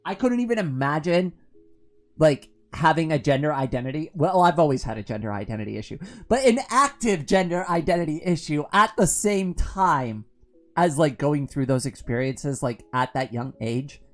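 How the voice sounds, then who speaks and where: A woman in her forties chats casually on a live stream, reading viewer comments, rambling with plenty of fillers, and laughing often. Her low voice is expressive at a normal speed, with soft music playing behind.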